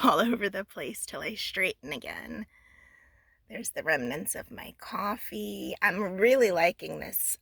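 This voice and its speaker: A woman vlogging from inside a small camper van, chatting casually in a gravelly morning voice, often half-whispering. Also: fairly low pitch, sharp tone, a little hiss or hum, poor audio. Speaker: camping vlogger. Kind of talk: casual vlog narration.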